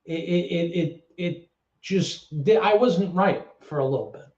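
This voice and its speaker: A middle-aged man tells a candid story as an interview guest, blunt and swearing, with halting repetitions. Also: high voice, darkish tone. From New York. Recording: roomy, dull lo-fi sound.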